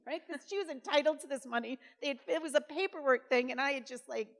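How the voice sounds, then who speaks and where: A woman in her fifties, a former governor, telling stories in a chatty, animated way on stage, full of fillers and acted-out quotes. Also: sits high, quick pace, few pauses. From Massachusetts. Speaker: guest speaker, former governor. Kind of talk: conversational storytelling on stage. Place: college event hall. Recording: reverberant hall.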